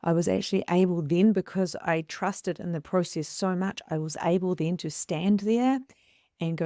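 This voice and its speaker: A woman with a New Zealand accent, a psychic medium hosting her own channel, telling a personal story with lively, animated delivery and acted-out quotes. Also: a little slow, dry recording, clean studio sound. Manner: expressive, acts out her own quoted lines with big pitch jumps.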